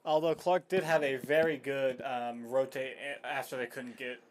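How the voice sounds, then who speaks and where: A man doing play-by-play commentary on a competitive video game match, with quick calls and frequent fillers. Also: mid-range voice, fairly even intonation. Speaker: esports caster.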